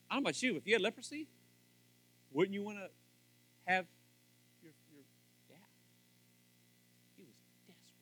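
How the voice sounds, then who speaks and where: Brief: high, bright-voiced man as a pastor preaching fervently, dry close sound. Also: animated, normal speed, long pauses, dry recording. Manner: rising to loud fervent emphasis, then dropping low; acts out little scenes in voices. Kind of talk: sermon on marriage.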